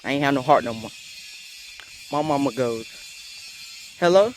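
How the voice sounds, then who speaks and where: A man telling a school story in a casual storytime. He is animated and slangy and laughs often. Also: medium pitch, normal speed, slight background noise. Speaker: storyteller vlogger.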